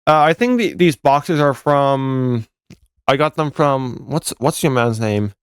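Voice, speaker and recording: A man's voice: medium pitch, animated, slow pace, clear, resonant tone, no room sound, clean studio sound. A young man, a fan game developer, casually commenting over footage, rambling and correcting himself as he goes. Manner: rambling, self-correcting, laughs at own jokes.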